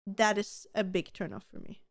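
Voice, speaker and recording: A woman's voice: medium pitch, steady tone, moderate pace, no echo, studio quality. A woman in her thirties co-hosting a podcast, chatting casually in a gushing, giggly way and swearing freely. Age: 30s. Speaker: podcast co-host. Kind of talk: casual chat.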